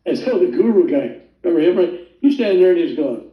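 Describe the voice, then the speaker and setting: A man's voice: sits high, fast, hardly any pauses, dull audio. Older man telling a rambling story, roomy. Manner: rambling, animated, quotes voices. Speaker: guest telling his near-death story. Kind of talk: casual storytelling interview. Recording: roomy sound, distant from the mic.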